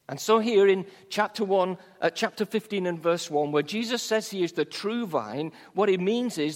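A man preaching a sermon, teaching from the Bible in a measured, emphatic way. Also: high voice, big-room sound.

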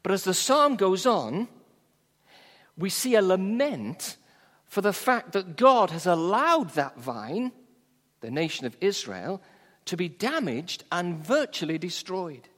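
A man preaching a sermon, teaching from the Bible in a measured, emphatic way. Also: high-pitched, sing-song, a bit bright, in a large hall.

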